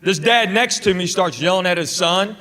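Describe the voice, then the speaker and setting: On a comedy stage before a live audience, a middle-aged man with a Southern American accent tells stand-up stories in a drawling, conversational way and banters with the crowd. His voice sits high and moves at a moderate pace, and the live recording is full of loud laughter and crowd noise.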